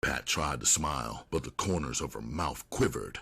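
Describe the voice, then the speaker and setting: A man narrating an audiobook in a steady, unhurried storytelling manner. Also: rumbling low, creaky, breathy edge.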